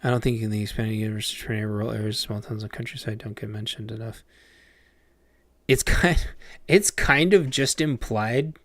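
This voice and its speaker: A man's voice: fairly low pitch, moderate pace, fairly bright tone, no echo. A man casually chatting on a livestream while playing a game, rambling with lots of fillers and restarts. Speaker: game streamer.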